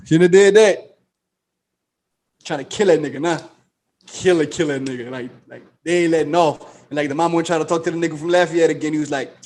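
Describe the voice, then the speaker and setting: A man's voice: a little high, a little fast, a little hiss or hum. A man co-hosting a casual podcast, retelling a show's plot in a slangy, profane way and acting out the characters' lines. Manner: animated storytelling, acts out quoted dialogue. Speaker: podcast co-host.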